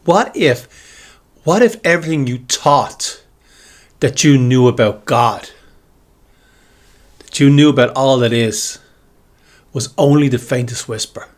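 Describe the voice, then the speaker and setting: A man with a husky, slightly breathy voice talks straight to his viewers in a reflective spiritual monologue. He circles back on his own questions again and again and speaks with open, heartfelt gratitude. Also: medium pitch, slow pace, pauses often. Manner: musing, repetitive questioning; heartfelt, grateful. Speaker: spiritual video creator.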